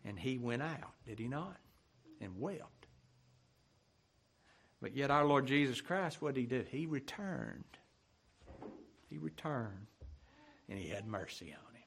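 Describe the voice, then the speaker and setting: A man preaching a sermon, asking the congregation rhetorical questions, rising loud and then dropping soft at the ends of phrases. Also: mid-range voice, big pitch swings, moderate pace, pauses often, a little hiss or hum.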